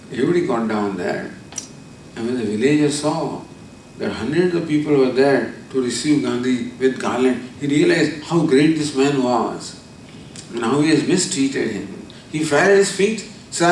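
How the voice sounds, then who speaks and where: A man, giving a spiritual discourse. He tells a story and then explains Sanskrit terms slowly, repeating them. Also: mid-range voice, a little mellow. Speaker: spiritual teacher. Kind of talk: discourse on scripture. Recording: echoey hall from far off, faint noise.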